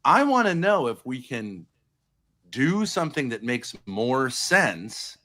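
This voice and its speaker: A man argues hard on a live stream, blunt and profane, hammering his points. His pitch swings widely as he presses on, jumping high, then dropping low. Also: very animated, takes it slowly, pushed and bright. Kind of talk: heated argument on a live stream.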